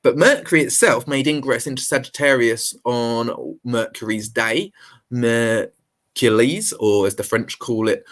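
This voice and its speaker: A man's voice: mid-range voice, normal speed, few pauses, fairly bright tone. A man, an astrologer, talking through a chart shown on screen in an unscripted astrology forecast. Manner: explains a chart on screen, fillers and restarts.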